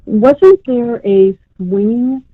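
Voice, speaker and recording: A woman's voice: fairly high pitch, drawn-out words, dry recording. A woman psychic medium giving a live reading on a radio call-in show, talking in a rambling way and calling the caller sweetheart. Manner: warm, rambling, uses endearments like sweetheart. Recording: tinny phone line.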